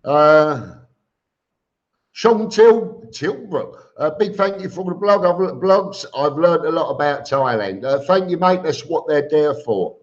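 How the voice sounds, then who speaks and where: A man's voice: fairly high pitch, expressive, slow pace. A man hosting a casual live stream, reading viewer comments aloud and answering them with chuckles. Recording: dull lo-fi stream audio.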